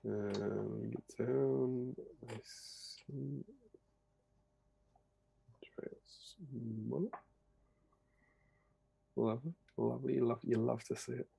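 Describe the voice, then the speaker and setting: Gravelly, dark-voiced man chatting. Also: medium pitch, fairly even intonation, takes it slowly, long pauses. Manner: chatty, playful, self-deprecating banter. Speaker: co-host of a hobby stream. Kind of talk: casual chat.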